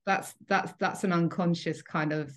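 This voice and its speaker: A low-voiced woman speaks as a hypnotherapist guest on a podcast. She explains things carefully and thinks aloud, going back over her words as she goes. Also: fairly even intonation, normal speed. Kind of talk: reflective conversational podcast chat.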